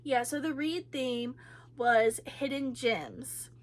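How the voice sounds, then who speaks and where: A woman with a high voice chats about books at an unhurried pace. She rambles, restarts her sentences and fills them with "like" and "um". Her talk is loose and emotional, broken by sighs and laughs. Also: slight background noise. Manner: chatty and rambling, with many fillers and restarts. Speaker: book vlogger. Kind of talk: casual chat about books.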